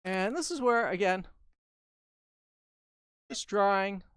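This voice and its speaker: A woman's voice: mid-range voice, lively intonation, takes it slowly, clean tone, no echo. Woman instructor, casual live-stream teacher, upbeat running commentary, playful asides. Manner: chatty, upbeat, talks through each step while working; playful asides and jokes to viewers. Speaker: balloon artist and instructor. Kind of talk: live-stream craft tutorial.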